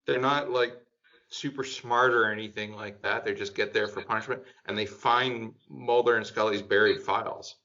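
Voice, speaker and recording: A man's voice: lowish voice, fairly even intonation, moderate pace, pushed and bright. A man chatting casually on a panel, rambling with lots of fillers and getting enthusiastic. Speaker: podcast panelist. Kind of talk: casual group chat. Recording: dull lo-fi sound.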